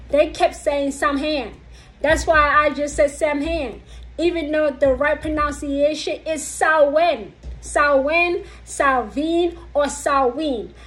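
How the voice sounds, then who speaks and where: A woman vlogger with a high-pitched voice teaches witchcraft lore, speaking straight to her viewers in a casual, slow and emphatic manner and repeating her points. The audio quality is poor.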